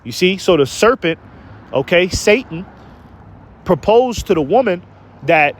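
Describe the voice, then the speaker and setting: Male online preacher, slightly high pitch, emphatic and repetitive, stumbles on words while reading verses. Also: lively intonation, unhurried, pauses often. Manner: emphatic, keeps asking "okay?" and "man". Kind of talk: preaching rant with scripture reading.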